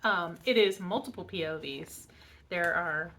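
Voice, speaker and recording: A woman's voice: fairly low pitch, measured pace, pushed and bright. A young adult woman reviewing books in a casual chat, bubbly and rambling with many fillers. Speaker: book vlogger.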